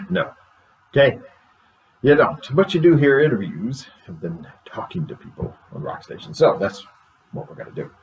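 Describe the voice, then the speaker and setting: A man's voice: fairly low pitch, darkish tone, poor audio. A man playing a radio host in a comedy sketch, in a playful, announcer-like manner.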